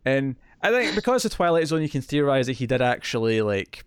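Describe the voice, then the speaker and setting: A man's voice: medium pitch, big pitch swings, fairly quick, clear, resonant tone, no room sound. A man co-hosting a podcast, talking through a story in a thoughtful, analytical, casual way. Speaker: podcast co-host. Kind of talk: casual chat.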